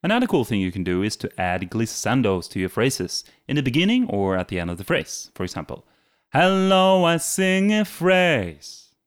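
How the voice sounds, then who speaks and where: A man's voice: fairly low pitch, very animated, brisk, hardly any pauses. A man teaching a casual singing lesson who breaks into short sung example phrases between his explanations, with faint music playing behind him. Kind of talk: casual video vocal lesson.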